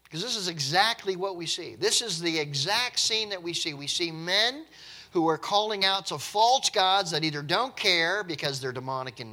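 Bright-voiced man preaching a sermon. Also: fairly high pitch. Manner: conversational, emphatic, repeats words.

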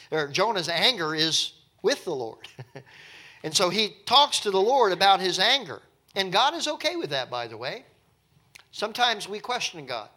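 A male pastor preaching at an evening church service. His voice sits a little high and rings bright, and he keeps the sermon conversational and animated, with dry, wry asides along the way.

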